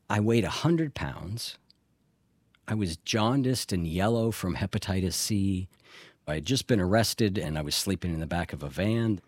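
Low-voiced man reflecting earnestly. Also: dry recording. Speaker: interview guest in addiction recovery. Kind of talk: candid personal interview.

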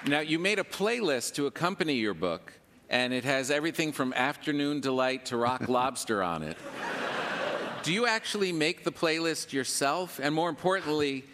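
A man's voice: on the high side, animated, moderate pace, in a large hall, crowd noise, background noise. A man hosting a comedy quiz show, joking and laughing often as he asks questions. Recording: live theater with audience. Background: audience laughter.

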